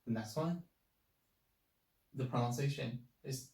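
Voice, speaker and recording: A man teaches pinyin at a very slow, careful pace, patiently repeating each syllable several times. He sits some distance from the mic in a roomy, echoing space. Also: mid-range voice, fairly even intonation, darkish tone. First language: Chinese. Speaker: Chinese language teacher. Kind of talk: slow spoken language lesson.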